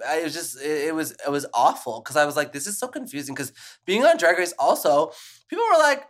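A man speaking as a podcast guest in loose, casual chat. His delivery is animated and quick, stumbling through restarts and fillers as he talks. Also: on the high side. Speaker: podcast guest, drag performer.

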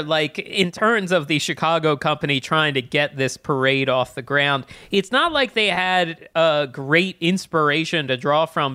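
A man co-hosts a casual podcast chat, offering wry commentary at an unhurried pace. His voice is high, bright and lively in pitch. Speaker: podcast co-host.

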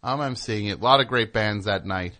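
A man's voice: on the low side, fairly quick, bright, forceful tone. A man hosting a show, telling a rambling, sarcastic, indignant story as a comedic rant. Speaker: host.

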